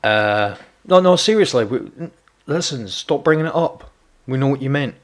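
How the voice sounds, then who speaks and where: A man's voice: medium pitch, expressive, normal speed. A man chatting casually while streaming a game, teasing viewers and stumbling over repeated words. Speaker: gaming streamer. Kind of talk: casual live gameplay chat.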